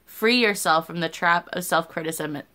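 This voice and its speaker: Bright, clear-voiced young woman venting. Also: fairly low pitch, moderate pace. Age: young adult. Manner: candid, rambling, swears freely. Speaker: YouTuber. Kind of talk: casual vlog chat.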